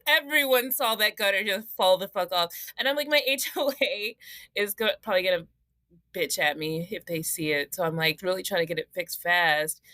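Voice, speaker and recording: Woman, young adult, podcast co-host, animated, laughing, swearing, dry close sound. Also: mid-range voice, moderate pace, no room sound. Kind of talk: casual chat.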